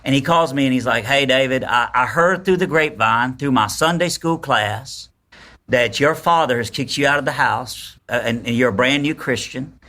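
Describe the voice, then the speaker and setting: On a podcast, a guest in his forties shares a personal story in casual chat, his voice medium-pitched and his pace moderate. He's an animated storyteller who acts out the voices of the people in his tale.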